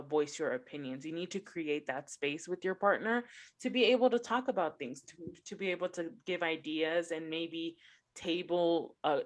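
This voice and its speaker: A woman co-hosting a book podcast, talking reflectively and posing herself questions as she gives advice in casual chat. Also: fairly low pitch. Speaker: podcast co-host.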